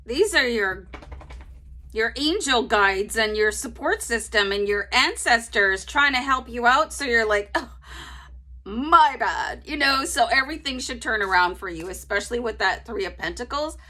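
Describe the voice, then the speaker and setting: Chatty, bright-voiced woman reading tarot. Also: fairly high pitch, lively intonation, normal speed. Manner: chatty, rambling, laughs often. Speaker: tarot reader. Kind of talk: casual tarot reading to viewers.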